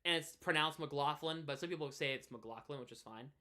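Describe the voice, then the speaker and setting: A twenty-year-old New England man, a live streamer and hockey podcaster, chats casually on stream in a slightly high, fast, pushed and bright voice. He rambles, restarting often and leaning on fillers.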